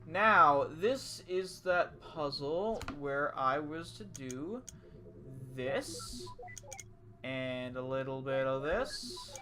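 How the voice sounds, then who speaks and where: A man's voice: on the high side, animated, extremely slow, noisy background. A man giving casual, jokey commentary while playing a story game, with goofy asides. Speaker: let's play gamer.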